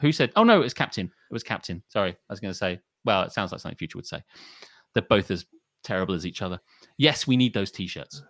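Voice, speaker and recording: A man's voice: sits low, fast talker. A young man co-hosting a casual chat podcast, swearing freely and acting out mock arguments. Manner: animated, sweary, acts out mock dialogue. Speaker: podcast co-host.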